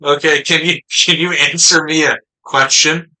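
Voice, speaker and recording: A man's voice: a little high, steady tone, moderate pace, bright, forceful tone, low-quality recording. A man co-hosting a podcast in casual chat, playful and joking around. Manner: playful, jokes in learner Spanish. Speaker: podcast co-host.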